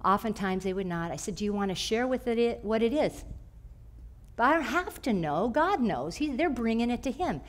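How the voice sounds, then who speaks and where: Animated woman telling church stories. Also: fairly high pitch, moderate pace. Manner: animated storytelling, clears throat often. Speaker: church teacher. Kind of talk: teaching with personal stories.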